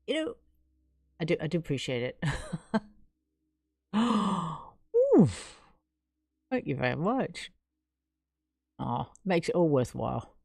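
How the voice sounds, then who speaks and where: A woman's voice: low-pitched, wildly swooping pitch, slow, creaky, pauses often, a little mellow, slightly rough, no room sound, studio quality. A woman from England hosting her own live stream, chatting casually and gushing her thanks to viewers.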